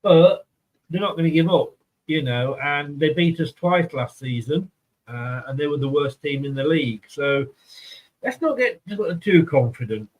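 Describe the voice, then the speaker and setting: A man's voice: a little high, expressive, measured pace, poor audio. A man with an Australian accent hosting a casual fan chat, rambling and easygoing. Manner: rambling, easygoing, many fillers. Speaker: host.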